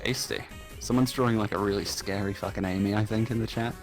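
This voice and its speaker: A man with a somewhat low voice and a sore throat rambles through a casual livestream chat. He swears freely and fills his sentences with fillers. Faint game music plays behind him. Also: steady tone, fast talker. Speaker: guest on a livestream.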